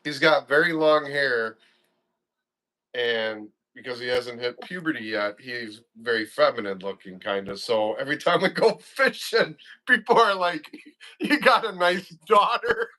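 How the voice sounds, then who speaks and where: A man chatting as an interview guest, telling fishing stories excitedly and acting out his own reactions. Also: mid-range voice, a little slow. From Wisconsin. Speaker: guest, father of a young angler. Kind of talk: casual chat, animated fishing stories.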